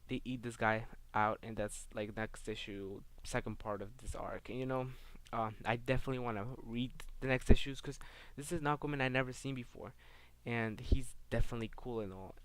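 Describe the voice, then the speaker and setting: A man's voice: mid-range voice, fairly quick, clean tone. A man giving a casual comic book review on his channel, rambling and filling gaps with "um" and "like". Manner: rambling, heavy on fillers like "um" and "like".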